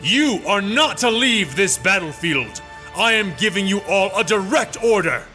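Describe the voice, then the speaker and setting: A man's voice: high-pitched, expressive, measured pace, pushed and bright, faint music behind, exaggerated voice. A man voicing a furious middle-aged Jedi master who barks orders and growls through clenched teeth, in a storybook reading. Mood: commanding.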